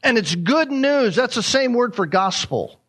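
A man's voice: very high-pitched, big pitch swings, measured pace, a bit bright, husky. A man preaching a sermon as a pastor, emphatic and repeating his key points.

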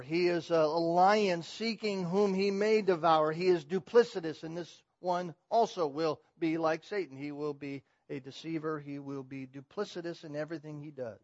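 A man delivers a sermon in a slightly higher-than-usual voice. He drops to low, hushed stresses, then climbs into loud declarations. The sound is dry and a bit dull, like a muffled recording. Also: normal speed, few pauses, no echo. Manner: swings from hushed, low emphasis to loud, rising proclamation. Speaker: preacher. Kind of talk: expository sermon.

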